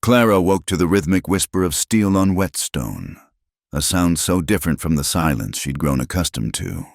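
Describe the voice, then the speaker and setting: A man narrating a western story in slow, measured scripted narration. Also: deep voice, lively intonation, vocal fry, no echo, studio quality.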